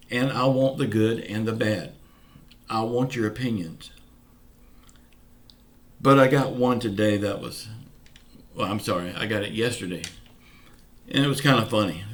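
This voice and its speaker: Vlog host, male, Southern US accent, low pitch, folksy and plainspoken, some words slurred. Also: fairly bright tone. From Pensacola, Florida, US. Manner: folksy, earnest, keeps saying y'all. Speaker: channel host. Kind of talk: casual direct-to-camera update.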